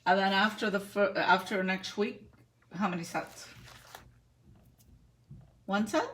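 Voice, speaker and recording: A woman's voice: mid-range voice, slow, a bit bright, breathy edge. Joking woman client. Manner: joking, laughs often. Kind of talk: casual chat during a consultation.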